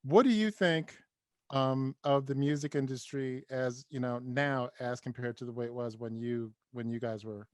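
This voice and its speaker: A man's voice: medium pitch, normal speed, no echo, studio quality. A man hosting a casual interview, reacting with frequent "mm-hmm" and enthusiastic exclamations. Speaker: podcast host.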